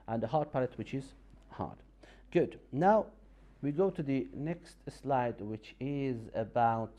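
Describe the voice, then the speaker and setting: A man with a mellow, dark-toned voice teaches recitation in a televised lesson. He explains slowly and patiently, pausing often with fillers and restarting his sentences. His pitch sits in an ordinary middle range.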